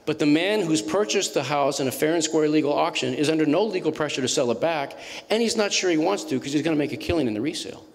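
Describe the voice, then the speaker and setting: A man in his fifties, an author talking to an audience and telling animated anecdotes with frequent restarts. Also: a little high, fast talker, few pauses. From Massachusetts. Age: 50s. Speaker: author speaking at a book event. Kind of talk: storytelling talk to an audience. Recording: reverberant hall.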